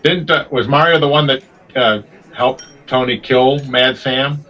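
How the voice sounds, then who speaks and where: Husky man host, distant from the mic. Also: mid-range voice, a little slow, bright, forceful tone. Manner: chatty, laughs along, asks follow-up questions. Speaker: interviewer, host. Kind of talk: casual interview.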